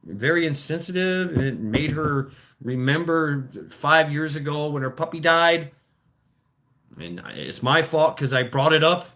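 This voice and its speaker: A man's voice: on the high side, sharp tone. A man chatting on a livestream, wandering from point to point with confident opinions. He stumbles and repeats himself as he goes, dropping casual profanity along the way. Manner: rambling, opinionated, stammering restarts; crude, swears freely. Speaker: livestream host.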